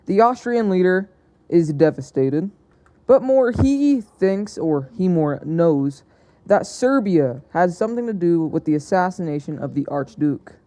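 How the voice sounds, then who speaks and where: Young male narrator, soft dark tone, chatty and unpolished, stumbling and fixing his words as he goes. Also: sits high, expressive, a little slow, hardly any pauses. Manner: hesitant, self-correcting, chatty. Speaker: narrator of an alternate-history map video. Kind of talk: casual unscripted narration.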